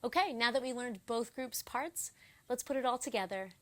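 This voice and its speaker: A woman teaching children a rhythm lesson, speaking slowly and clearly in a gentle, encouraging way. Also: on the high side, background noise. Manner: gentle, encouraging, counts beats aloud. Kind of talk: slow, clear instruction for children.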